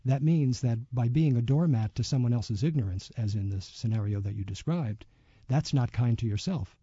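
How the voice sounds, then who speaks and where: A man being interviewed as a yoga teacher, speaking reflectively and telling a story with many pauses and fillers. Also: mid-range voice, dark tone, husky, dry recording, highs cut off. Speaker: yoga teacher and author, guest. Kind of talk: radio interview.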